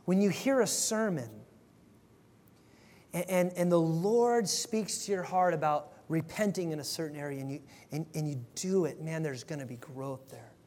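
A man's voice: a little high, normal speed, darkish tone. A male pastor giving an earnest, conversational sermon, often restarting his sentences. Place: church sanctuary. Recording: long hall reverb.

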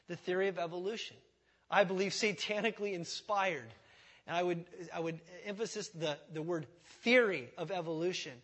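A man's voice: high-pitched, fairly bright tone. A man preaching a sermon in a conversational way, with rhetorical questions, asides and self-deprecating humor. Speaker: pastor.

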